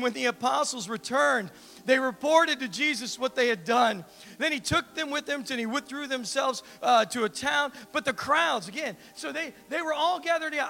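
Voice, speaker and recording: Man preaching, very high voice, gravelly edges, echoing hall, faint music behind. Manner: animated, acts out voices of the disciples. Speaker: pastor. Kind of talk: sermon.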